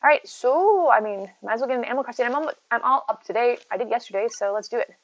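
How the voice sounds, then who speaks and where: A woman's voice: fairly high pitch, lively intonation, fast, dull audio. A woman streaming from home, chatting casually, greeting viewers by name and talking to her cat. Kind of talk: casual live-stream chat. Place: at home near her bed.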